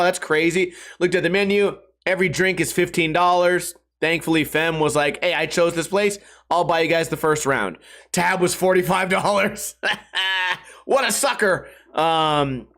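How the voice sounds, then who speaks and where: A middle-aged man rambles through a casual solo podcast story, swearing freely and joking as he goes. His voice sits a little higher than most men's. He slips into other people's voices for the quotes. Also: a bit bright. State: hungover and stiff. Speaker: podcast host.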